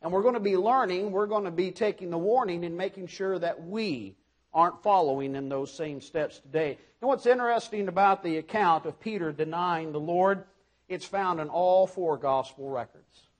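A man with a high voice delivers a sermon. He presses his points with emphasis and often turns to his listeners with rhetorical questions. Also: moderate pace. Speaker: preacher.

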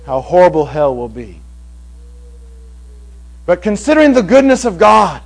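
A man preaching a sermon to a congregation, swinging from hushed passages to loud, emphatic ones. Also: sits high, big pitch swings, unhurried, vocal fry, pauses often, low-quality recording. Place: evening meeting before a congregation.

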